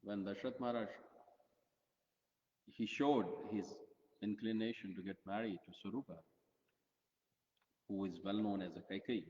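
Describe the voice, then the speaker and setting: Brief: male devotional storyteller, low voice, halting, dull recording with long hall reverb. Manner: halting, repeats words, animated retelling.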